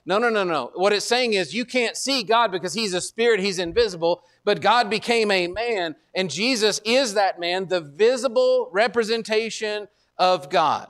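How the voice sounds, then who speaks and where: High-voiced preacher man. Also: fairly bright tone. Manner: conversational, stammering restarts, slows for scripture. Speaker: pastor. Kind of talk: sermon.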